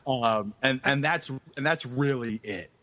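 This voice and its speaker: A man's voice: mid-range voice, unhurried, bright, forceful tone, dry recording. Sardonic man on a muffled dry line. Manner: sardonic, swearing. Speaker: podcast guest. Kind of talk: casual chat. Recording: dry, dull lo-fi sound.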